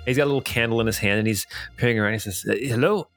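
A man's voice: lowish voice, steady tone, racing, a bit bright, faint music behind. A man narrating a tabletop game as dungeon master, rambling with chuckling asides.

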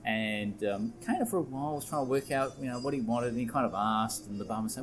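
A man's voice: mid-range voice, expressive, fast talker, hardly any pauses, poor audio. A man co-hosting a podcast, chatting casually and joking about drinks while recorded in a restaurant bar. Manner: jokey, rambling, swears casually. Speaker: podcast co-host. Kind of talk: casual chat.

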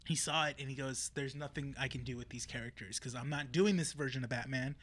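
A man's voice: medium pitch, fast talker, a bit bright. A man co-hosting a podcast in casual chat, easygoing and agreeable, often saying yeah. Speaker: podcast co-host.

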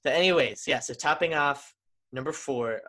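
A man's voice: fairly high pitch, normal speed, sharp tone. A man co-hosting a podcast in casual chat, enthusiastic and rambling with restarts. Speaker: podcast co-host.

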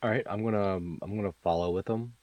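Brief: male player, low voice, dry sound, halting and casual. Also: a little mellow, no echo. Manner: hesitant, halting, many fillers. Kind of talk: casual tabletop game play.

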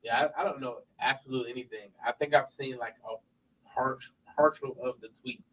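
A man's voice: mid-range voice, fairly even intonation, brisk, a bit bright, slightly rough, far from the mic, low-quality recording. A man co-hosting a casual sports chat, laid-back and hesitant, mostly agreeing.

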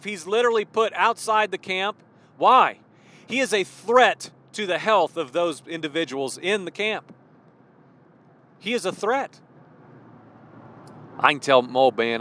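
A man's voice: a little high, a bit bright. A man hosting a podcast and preaching in a fervent, rambling way, repeating phrases for emphasis. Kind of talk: impassioned podcast sermon.

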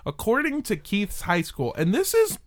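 A podcast host speaking at an ordinary middle pitch, chatting loosely and sarcastically as they pull a story apart. The talk is peppered with swearing and little laughs, a running debunking tone rather than a formal one. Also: huge pitch swings, normal speed. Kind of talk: casual chat.

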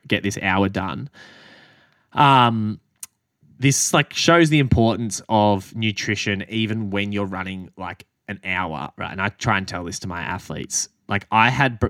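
Low-voiced Australian man telling a story. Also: no room sound, studio quality. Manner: animated, swears freely, acts out quotes. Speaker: podcast co-host and running coach. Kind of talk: casual storytelling chat.

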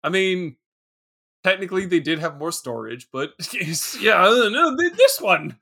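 A high-voiced, excitable man chats about a movie on a podcast, laughing often and tripping over his own restarts. His voice is bright and swings widely in pitch, leaping up into squeals. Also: moderate pace, creaky. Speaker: podcast co-host. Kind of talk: casual movie chat.

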